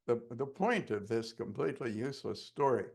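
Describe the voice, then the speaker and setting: A man who teaches hypnosis tells a story in a course lesson, in a casual, profane and animated way. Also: medium pitch, normal speed, gravelly. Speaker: hypnosis instructor.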